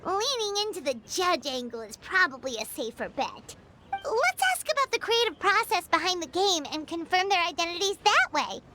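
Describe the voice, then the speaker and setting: A tiny floating fairy companion from a video game, bubbly and excitable, with a very high, squeaky voice that bounces all over the place. She talks about herself in the third person. The game audio carries a clear layer of background noise. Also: moderate pace. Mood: chirpy. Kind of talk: game voice acting.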